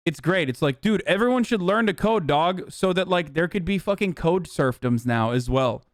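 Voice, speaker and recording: A male streamer rants at his chat in heated, profane bursts, blunt and mocking. His voice is smooth and resonant, fairly high for a man, and recorded close and dry with no room sound. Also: lively intonation, normal speed, no room sound. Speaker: streamer host. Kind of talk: profane live-stream commentary.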